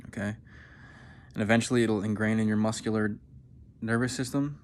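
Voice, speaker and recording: Male voice coach, lowish voice, steady instructive delivery; faint hiss behind. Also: gravelly. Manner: instructive, demonstrating sounds. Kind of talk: vocal warm-up lesson.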